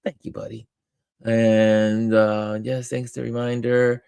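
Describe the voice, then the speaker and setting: A man hosting a live-stream, greeting viewers by name and reading their comments aloud in an upbeat, animated way. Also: mid-range voice, a little slow, vocal fry, smooth, dry recording. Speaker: host.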